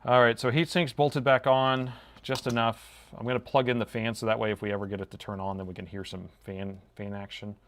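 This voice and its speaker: Gravelly laid-back repairman. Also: on the low side, flat delivery, fairly quick, fairly bright tone. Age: middle-aged. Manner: laid-back, drawls "man" in a stoner voice; thinking aloud while measuring. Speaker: laptop repair technician. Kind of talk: live repair commentary.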